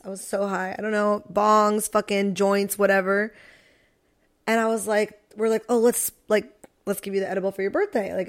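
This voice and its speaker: A young woman co-hosting a podcast, telling a story in casual chat, animated and swearing, acting out quotes. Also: medium pitch. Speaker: podcast co-host.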